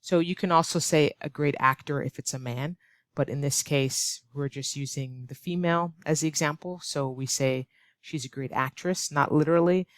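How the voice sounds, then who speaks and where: A woman with an American accent teaching an online English lesson, expressive and acting out her examples. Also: normal speed, no room sound. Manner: expressive, acts out examples with big swings of pitch. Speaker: ESL teacher.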